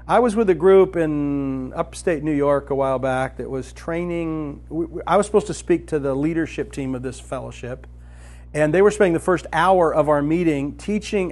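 Animated man preaching a sermon. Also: high-pitched. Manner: animated storytelling, often breaks into laughter.

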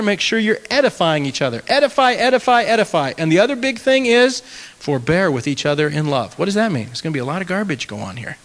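Male pastor, slightly high voice, earnest and self-mocking, long hall reverb. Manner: earnest, animated storytelling with self-mocking humor. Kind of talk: conversational teaching talk to a group.

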